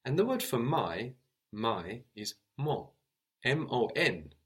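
A man's voice: medium pitch, very animated, takes it slowly. A man teaching a spoken language lesson, explaining patiently, spelling out words and checking in with a questioning "no?".

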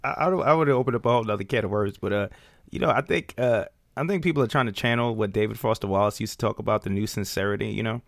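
A man's voice: fairly low pitch, racing, gravelly, no echo, clean studio sound. A man co-hosting a comedy podcast, talking in slangy, emphatic casual banter. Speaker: podcast co-host.

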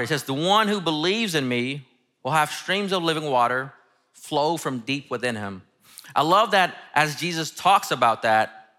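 Guy preaching a laid-back sermon, bright forceful voice, slangy and hyped. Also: on the high side. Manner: relaxed, slangy, enthusiastic preaching. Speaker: pastor. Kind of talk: casual sermon with scripture reading.

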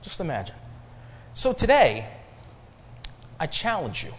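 Male preacher, fairly high, lively voice, call-and-response sermon, echoey church hall. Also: slight background noise. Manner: preaching with rising emphasis and call-and-response pauses. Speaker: pastor. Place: church sanctuary.

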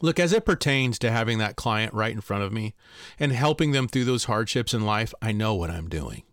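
A man speaking as a life coach, telling a personal story in an animated, emphatic way. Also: brisk, smooth, dry recording, clean studio sound. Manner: animated and emphatic, pitch leaps on key words.

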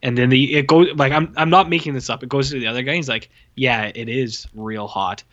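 A man co-hosting a podcast, casually reviewing a film with a lot of swearing and flat mocking quotes of its dialogue. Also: medium pitch, very fast, muffled recording. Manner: profane, exasperated, mocks lines in flat voices. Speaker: podcast co-host. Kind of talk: casual movie review chat.

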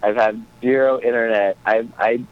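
The co-host phones into the relaxed sports talk show from a small airport, rambling and cracking jokes through a muffled line. His mid-range voice is clean and steady, moving at a normal speed.

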